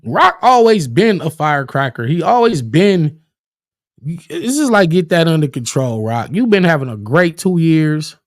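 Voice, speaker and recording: Animated, profane male battle rap commentator. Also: fairly high pitch, unhurried, no echo, studio quality. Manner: animated, profane, restarts words often; acts out quoted arguments in a raised voice. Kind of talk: casual livestream commentary.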